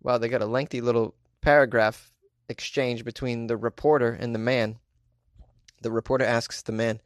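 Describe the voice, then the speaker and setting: Cracking jokes and laughing frequently at his own riffing asides, a man hosts a comedic news podcast. He speaks a little fast in a mid-range voice with fairly even intonation, and the studio audio is clean and echo-free.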